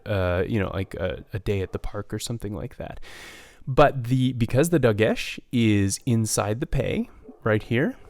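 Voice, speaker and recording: Low-voiced teacher, halting and dry. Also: male voice, no room sound. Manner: halting, many fillers and restarts. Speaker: Hebrew teacher. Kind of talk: recorded online lesson.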